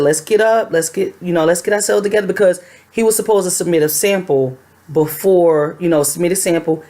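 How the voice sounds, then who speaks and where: A young adult woman telling a personal story to her camera in a chatty, animated way. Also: low voice. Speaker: vlogger.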